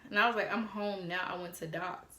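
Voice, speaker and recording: A woman telling a casual storytime on her phone, animated and swearing freely as she quotes text messages aloud. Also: medium pitch, a little fast, echoey room. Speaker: vlogger.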